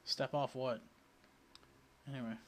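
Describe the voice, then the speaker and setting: A man's voice: mid-range voice, fairly even intonation, measured pace, a little hiss or hum. A man with a Welsh accent giving wry, offhand commentary while playing a video game. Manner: wry, offhand, mumbling asides. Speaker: let's play host.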